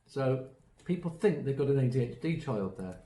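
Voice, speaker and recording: Here a man speaks at a moderate pace with medium pitch, a dark tone and lively intonation, though the reverberant audio is poor. His online workshop on autism strategies unfolds as chatty storytelling, with acted-out quotes and frequent ums and restarts.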